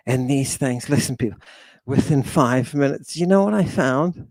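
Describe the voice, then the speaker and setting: A man's voice: mid-range voice, lively intonation, moderate pace, darkish tone, no echo. A man hosting a lecture in a theatrical, rambling way. He keeps turning to his audience as "people". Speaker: lecture host.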